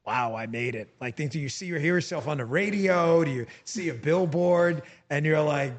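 A man's voice: fairly high pitch, moderate pace. A man hosting a podcast, speaking in a direct, emphatic way and repeating points for effect. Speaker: podcast host. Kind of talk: interview and show sign-off.

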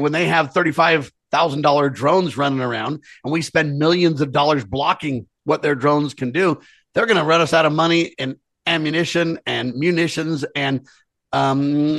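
A man talks politics as a co-host, leaning hard on his points and speaking straight to the audience. His voice is somewhat husky and sits a bit high. The recording is close and dry. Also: fairly quick, a bit bright, no room sound. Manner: earnest, emphatic, addresses listeners directly. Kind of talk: political commentary chat.

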